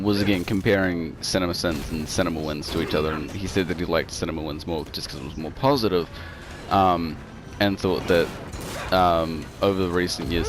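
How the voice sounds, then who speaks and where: A young man with a fairly low voice talks casually while co-hosting a gameplay show. He rambles with plenty of ums and likes, sometimes dropping to a mumble. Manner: rambling, filler-heavy, drops to mumbles. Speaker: co-host. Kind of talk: casual chat over gameplay.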